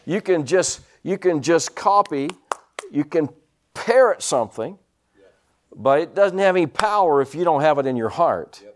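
Lively-pitched preacher telling stories. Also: male voice, normal speed, slight background noise. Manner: animated storytelling with frequent amens and hallelujahs. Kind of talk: sermon.

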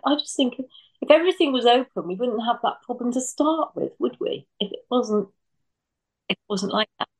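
A woman's voice: medium pitch, low-quality recording. Brief: female actress panelist from England, frank, restarts often. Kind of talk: casual chat.

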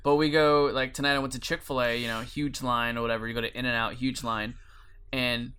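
A young man co-hosting a podcast in casual chat, telling stories in a relaxed way with fillers. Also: mid-range voice, brisk, clean tone. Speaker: podcast co-host.

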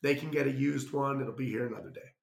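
A man spins a loose, chatty travel story, slipping into little acted-out quotes as he goes. His voice has a gravelly rasp at mid pitch. The room around him rings with a noticeable echo. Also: fast talker. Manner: rambling, animated anecdote with acted-out quotes. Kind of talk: casual storytelling. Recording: roomy echo.

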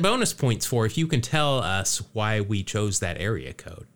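A man's voice: lowish voice, big pitch swings, normal speed, hardly any pauses, a bit bright. A man hosting a casual podcast, joking around and rambling, with a lot of fillers and restarts. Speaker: podcast host.

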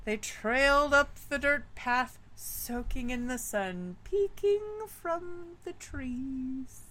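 A woman's voice: sits high, lively intonation, slow, sharp tone, a little hiss or hum. A woman co-hosting a casual podcast and reading a spooky story aloud, playful and giggly. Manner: giggly, playful, breaks into laughter often. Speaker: co-host.

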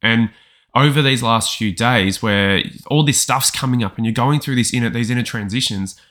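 A man co-hosting a casual podcast, speaking earnestly and supportively. He halts and restarts as he searches for words. His voice sits at a middle pitch for a man. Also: moderate pace, fairly bright tone. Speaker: podcast co-host. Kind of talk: casual chat.

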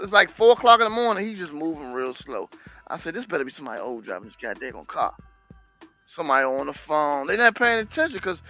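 Animated high-voiced man telling stories. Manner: animated, acts out angry drivers with profanity. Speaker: podcast co-host. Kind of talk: casual chat.

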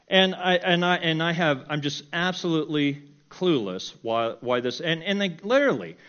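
A middle-aged man telling a personal story in a sermon, animated and self-mocking, often breaking into laughter. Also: a little high, lo-fi sound. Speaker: preacher.

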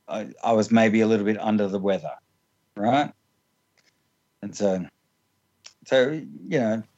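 A man's voice: on the low side, warm tone, dull audio. Laughing, rambling man telling stories. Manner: rambling, laughs often, many fillers and restarts. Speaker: interview guest. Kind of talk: casual storytelling.

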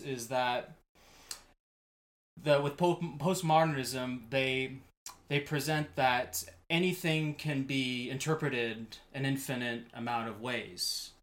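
Man explaining slowly, searching for words. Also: mid-range voice, a bit bright. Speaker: podcast co-host. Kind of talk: casual conversational podcast.

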